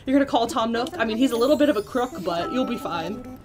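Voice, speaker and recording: Excitable young woman streaming a game. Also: fairly high pitch, fast. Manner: excitable, squealing, laughing, talks to chat. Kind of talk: live game stream chat.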